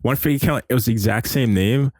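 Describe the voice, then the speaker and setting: Guy hosting a chill podcast, asks stuff, reacts fast, dry mic. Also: mid-range voice, no room sound. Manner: asks questions, relaxed, quick to react. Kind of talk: casual podcast chat.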